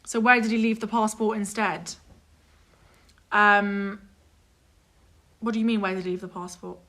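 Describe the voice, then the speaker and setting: Bright, animated young woman telling a story. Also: mid-range voice, measured pace. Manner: animated, exasperated, swears freely, mimics others. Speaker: vlog guest telling a story. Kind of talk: casual storytelling chat.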